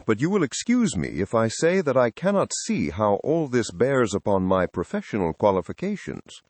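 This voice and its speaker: A man's voice: mid-range voice, very animated, normal speed, darkish tone, no echo. A man reading as an earnest young engineer. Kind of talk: audiobook first-person narration.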